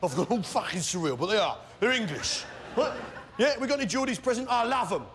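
A man's voice: high-pitched, expressive, fairly quick. A man performing a stand-up comedy routine, bombastic and doing crowd work. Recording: noisy recording with loud audience.

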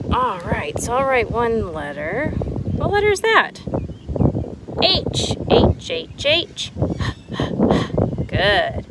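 A woman, teaching preschoolers a letter lesson outdoors in a sing-song, animated way. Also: on the high side. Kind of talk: children's lesson to camera. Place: outdoors in a yard with a lawnmower nearby. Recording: outdoor noise, lawnmower behind.

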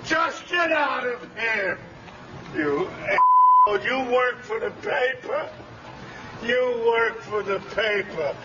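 An angry man shouts in a strained, very high voice, dragging out his words. He is caught from far away on a dull, muffled recording with loud street noise behind him. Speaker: bystander confronting a reporter.

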